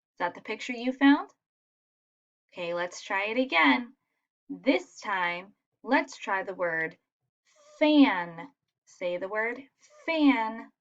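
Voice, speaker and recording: A woman's voice: mid-range voice, fairly bright tone, muffled recording. A woman teacher giving a recorded phonics lesson for children, patient and encouraging as she spells out sounds.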